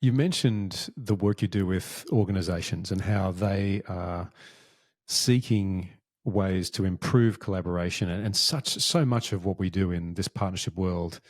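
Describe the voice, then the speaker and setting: Aussie guy, really deep voice, hosting an interview, measured long questions. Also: no echo, studio quality. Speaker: interview host.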